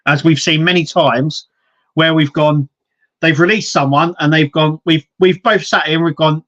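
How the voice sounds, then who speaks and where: A man's voice: a little high, steady tone, moderate pace, a bit bright, lo-fi sound. A man co-hosting a casual wrestling podcast, rambling with lots of restarts and quoted asides. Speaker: podcast co-host.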